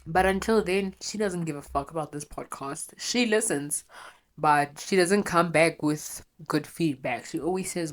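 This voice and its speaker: A woman's voice: low voice, measured pace. A young woman hosting a podcast, talking bluntly and rawly and swearing freely as she trails off. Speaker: podcast host. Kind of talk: confessional podcast monologue.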